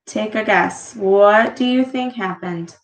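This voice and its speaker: A woman reading a picture book aloud to her child, gently pausing to ask questions about the pictures. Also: medium pitch.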